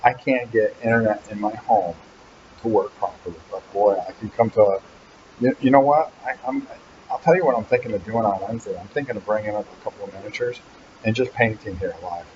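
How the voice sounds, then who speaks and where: A man's voice: on the low side, brisk, highs cut off, noisy background. A man hosting a casual live Q&A from an animal hospital waiting room, teasing and rambling about his helper. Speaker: channel host.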